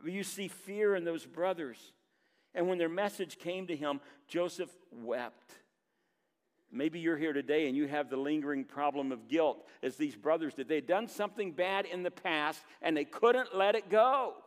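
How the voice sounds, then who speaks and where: Male pastor preaching earnestly, voice a touch high, long hall reverb. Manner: earnest preaching, reading scripture aloud with pauses and emphasis. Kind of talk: sermon. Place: church sanctuary.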